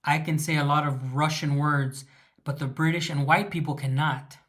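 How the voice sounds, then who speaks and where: A man's voice: on the high side, fairly even intonation, moderate pace, a bit bright. A man from California hosting a casual livestream, rambling with many fillers as he reacts to viewer comments. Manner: rambling, many fillers, reads chat aloud. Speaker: livestream host.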